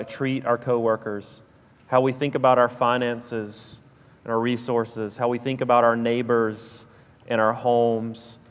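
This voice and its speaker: A man with a South Alabama drawl delivers a sermon at a mid pitch, earnest and steady. He circles back to key phrases for emphasis. His voice carries a long reverb from a large church sanctuary. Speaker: pastor.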